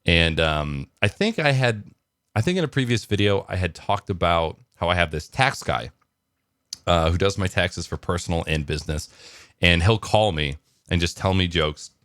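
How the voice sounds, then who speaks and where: Man, deep voice, casual morning vlog, rambling with fillers, dry sound. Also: animated, normal speed, fairly bright tone, no room sound. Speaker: vlogger.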